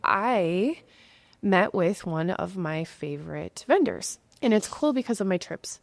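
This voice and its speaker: A woman hosting a podcast, sharing a personal story with warmth and emotion. Her voice is lively and expressive, and she acts out the people she quotes. She sounds close to the microphone in a dry room with no echo. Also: on the low side, measured pace, vocal fry. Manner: emotional, gets choked up. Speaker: podcast host. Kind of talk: casual conversational interview.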